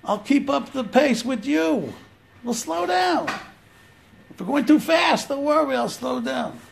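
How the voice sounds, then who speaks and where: A man's voice: extremely high pitch, animated, a little slow, creaky, slight background noise, voice pushed up, heavily acted. A man voicing a sly, overly friendly adult male tempter who talks in a sugary, coaxing, mock-generous way.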